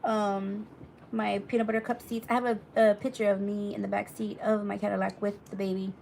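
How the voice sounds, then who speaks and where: A woman's voice: mid-range voice, level tone, brisk, gravelly, darkish tone, recorded from a distance, a little hiss or hum. A woman telling a story casually on a live stream, rambling and chatty with lots of asides to her viewers, reading their comments aloud as she goes.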